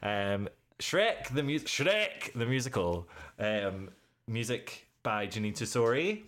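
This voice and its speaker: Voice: mid-range voice, lively intonation, slow, fairly bright tone. Playful Scottish podcast co-host. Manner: playful, teasing. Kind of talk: casual chat.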